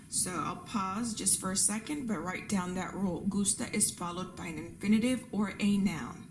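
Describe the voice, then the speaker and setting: With a mid-range, slightly mellow voice, a woman leads a Spanish class built around slides. She patiently repeats the rules and examples and keeps checking in with her students; there's slight background noise.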